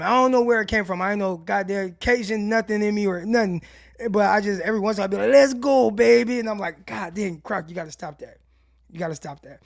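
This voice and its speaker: A man's voice: high voice, dry recording, studio quality. A man hosting a casual livestream sports show, talking loosely with frequent restarts and side tangents. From Stockton, California. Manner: rambling, loose, restarts sentences.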